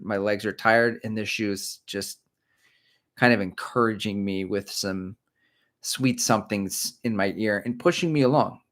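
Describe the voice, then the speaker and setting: Rambling middle-aged man, lowish voice. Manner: rambling, self-mocking, animated. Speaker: running channel host. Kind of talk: casual livestream chat. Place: indoors, creaky chair.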